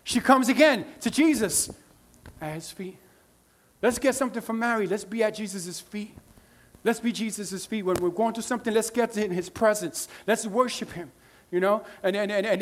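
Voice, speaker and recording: High-voiced pastor preaching conversationally. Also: male voice, brisk. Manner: conversational preaching with frequent "right?" asides and restarts; swings from quiet murmurs to loud emotional bursts. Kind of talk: sermon.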